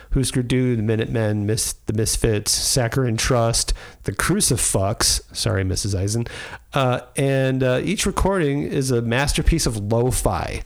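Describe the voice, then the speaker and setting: A man with a gravelly, creaky voice hosts a podcast in a loose, casual chat. He rambles with enthusiasm, piling on fillers as he goes. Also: mid-range voice. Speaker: podcast host.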